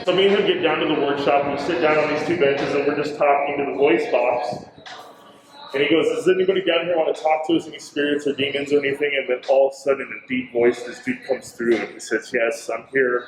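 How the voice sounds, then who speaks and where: A man's voice: a little high, fast, roomy sound, noisy background. A man, a hotel manager, telling a ghost story in casual chat, acting out what people said and saying bro and dude. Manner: animated, acts out quotes, says bro and dude.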